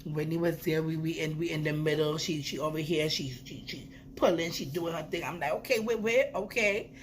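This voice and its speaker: Animated young woman telling a story. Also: deep voice, brisk, a little hiss or hum. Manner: animated, swearing, playful. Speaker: vlogger. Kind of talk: casual storytime.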